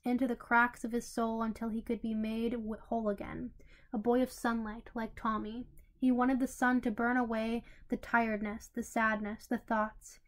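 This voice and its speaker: A woman narrating a fanfiction story in an even way, with small slips and restarts. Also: on the high side. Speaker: story reader.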